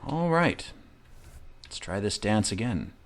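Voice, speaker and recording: A man's voice: lowish voice, very animated, slow, a little hiss or hum. A man in his thirties giving profane, joking commentary while playing a video game. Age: 30s. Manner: profane, jokey, rambling asides. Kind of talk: comedic let's-play commentary.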